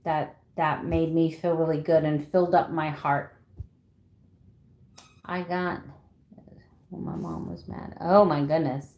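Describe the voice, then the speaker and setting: A woman in her fifties talks casually to her livestream viewers from home, laughing often and greeting them by name. Her voice sits a little low. The room around her gives a noticeable echo. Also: flat delivery, slow, long pauses, a little mellow. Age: 50s. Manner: chatty, laughs often, reads out viewer names. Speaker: keto vlogger. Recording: echoey room.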